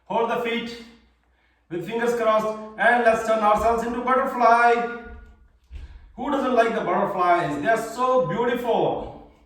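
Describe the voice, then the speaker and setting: Brief: male kids' yoga teacher, high voice, cheerful simple cues, camera far across a very echoey room. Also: unhurried, pauses often, fairly bright tone. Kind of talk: live online yoga class instruction.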